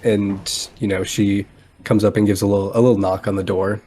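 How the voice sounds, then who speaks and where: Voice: low-pitched, little pitch movement, a little fast, warm tone, husky. A player describing their character in a tabletop game, easygoing and a little hesitant. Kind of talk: tabletop role-play.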